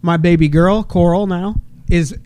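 A man in his thirties hosting a crude comedy podcast, rambling and swearing, with loud bursts when he quotes people. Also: sits high, fairly even intonation, measured pace, background noise. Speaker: podcast host.

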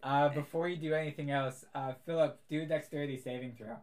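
A young adult game master running a tabletop game in a relaxed, amused way with many fillers. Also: mid-range voice, fast talker, crowd noise.

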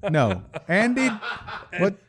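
A man's voice: high voice, huge pitch swings, slow, exaggerated voice. A man doing a hammy impression of a boastful British tennis star in a put-on British accent. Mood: cocky. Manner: cocky, hammy, drops grammar.

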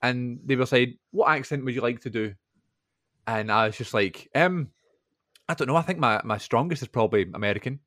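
A man's voice: medium pitch, brisk, a bit bright, dry recording. Easygoing man on a dry podcast mic. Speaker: podcast co-host. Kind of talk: casual film chat.

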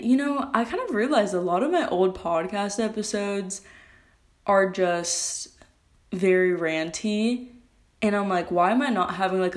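Rambling teenage girl podcaster. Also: lowish voice. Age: teens. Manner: rambling, self-correcting, chatty. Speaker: podcast host. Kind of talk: casual solo podcast rant. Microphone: phone.

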